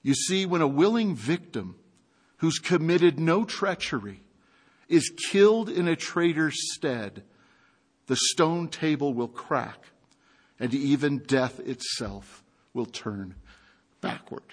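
Slow, high-voiced male preacher. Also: slightly rough. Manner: animated storytelling with rhetorical questions. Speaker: pastor. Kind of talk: sermon.

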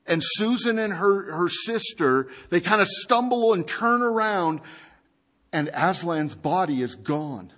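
Brief: male pastor, high voice, unhurried sermon delivery, lively storyteller asking the room questions. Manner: animated storytelling with rhetorical questions.

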